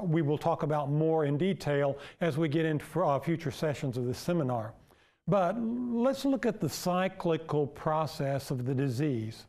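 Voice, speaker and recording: Man, seminar presenter, steady lecturing, slightly high voice. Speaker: nurse presenting a health seminar.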